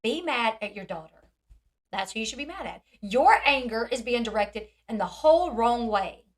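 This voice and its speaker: A woman's voice: fairly high pitch, lively intonation, moderate pace. A woman hosting a commentary vlog, blunt and sarcastic, often mockingly mimicking others. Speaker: commentary channel host.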